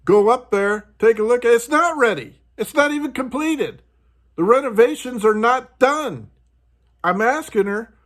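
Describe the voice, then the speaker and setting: High-voiced man ranting on his vlog. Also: expressive, measured pace, fairly bright tone. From United States. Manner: frustrated, ranting, mimics others in a higher voice. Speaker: host. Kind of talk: casual vlog rant.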